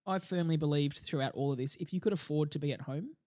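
A middle-aged Australian woman co-hosting a podcast, chatting casually and telling stories with lots of swearing and some deadpan. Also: sits low, fast talker, dry recording, clean studio sound. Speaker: podcast co-host. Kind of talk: casual chat.

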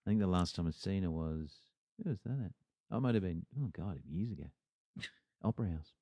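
A man's voice: sits low, lively intonation, a little fast, warm tone, dry recording. A middle-aged Australian man co-hosting a podcast, chatting bluntly with plenty of swearing. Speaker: podcast co-host. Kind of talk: casual chat.

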